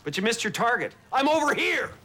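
A man's voice: extremely high pitch, sing-song, a little fast, background noise. An actor playing a bitter, self-pitying man who rants sarcastically against God, over a film score. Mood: ranting. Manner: sarcastic, ranting, theatrical.

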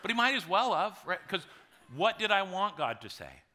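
A man in his forties, a pastor preaching a sermon in a conversational storytelling way, with dramatic pauses. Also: high voice, big pitch swings, sharp tone, slight background noise.

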